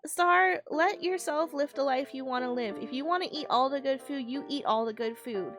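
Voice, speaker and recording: A young woman streams and talks casually to her viewers, her voice sitting a touch higher than most. She rambles, fills gaps with "like", and laughs often. Her close desk mic catches her clearly. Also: moderate pace, a bit bright, soft background music. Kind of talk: casual chat while livestreaming a game.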